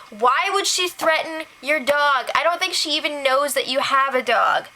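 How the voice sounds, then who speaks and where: A woman's voice: high-pitched, lively intonation, measured pace, bright, forceful tone, low-quality recording. A young woman chatting casually as she recaps a reality show for her vlog, laughing often and saying "like" a lot. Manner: chatty, giggly, heavy use of "like".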